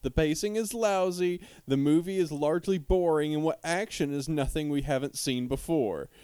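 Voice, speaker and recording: Male podcast co-host, smooth resonant voice, dry close sound, relaxed chatty delivery. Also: a little high, normal speed, no room sound. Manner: reads forum posts aloud, laughs often. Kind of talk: casual chat.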